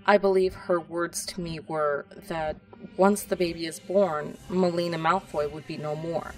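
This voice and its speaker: A woman's voice: on the low side, steady tone, a little slow, far from the mic, faint music behind, close to an everyday voice, low-quality recording. A woman reading the lines of a cold, drawling, contemptuous young male wizard from a storybook.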